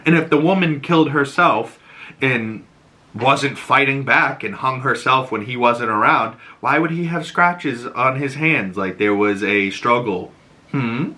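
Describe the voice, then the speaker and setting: A young man with a Boston accent, a podcast host breaking down a TV episode in casual chat, acting out quoted lines in a higher voice. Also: measured pace, bright, forceful tone.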